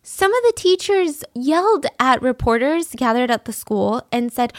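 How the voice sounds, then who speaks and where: A fairly high-voiced woman recounts a true-crime case in a casual chat, animated and openly indignant. The recording is close and dry, with almost no room sound. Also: moderate pace, hardly any pauses, no echo. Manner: indignant, animated retelling with fillers.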